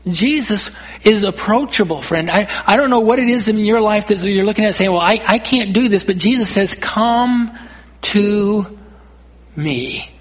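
A man's voice: high-pitched, brisk. A man preaching a sermon as pastor, earnest, often repeating himself and rising to emphatic calls. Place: church.

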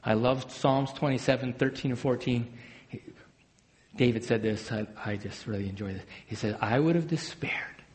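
A man preaching a sermon as a pastor, swinging between loud emphatic bursts and hushed, low phrases. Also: flat delivery, normal speed. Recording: long hall reverb.

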